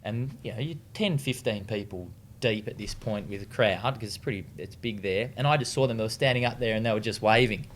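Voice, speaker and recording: Laid-back Australian man, lowish voice. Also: a little fast, few pauses, a little hiss or hum. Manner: laid-back, swears freely, lots of fillers and restarts. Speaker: interview guest, retired distance runner. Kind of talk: casual storytelling interview.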